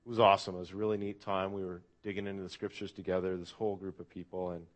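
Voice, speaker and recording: Pastor guy giving a sermon, lowish voice, earnest and thoughtful, lots of uh's, asks the crowd stuff. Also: flat delivery, racing. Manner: earnest, reflective, asks the audience questions, frequent "uh" fillers.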